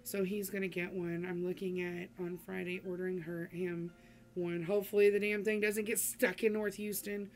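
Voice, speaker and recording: A woman's voice: on the low side, little pitch movement, moderate pace, darkish tone, soft background music. A middle-aged woman chatting casually to her vlog audience, rambling with many ums and restarts. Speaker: vlogger. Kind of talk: casual chat to camera.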